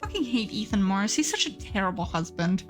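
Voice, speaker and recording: A woman's voice: medium pitch, big pitch swings, fast talker, faint music behind. A woman streamer chatting casually and playfully with her live chat, giggling often and reading messages aloud.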